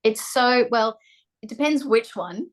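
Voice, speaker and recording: A young woman with an Australian accent, chatting as an interview guest and often pausing with ums and restarts. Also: on the high side, expressive. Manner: hesitant, restarts, frequent ums. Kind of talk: casual interview chat.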